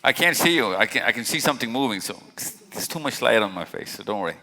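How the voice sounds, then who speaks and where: On stage at a live event in a large hall with stage lights, a man gives a casual, chatty talk, joking and questioning audience members directly. His mid-range voice is animated, fast and sharp-toned, with long hall reverb.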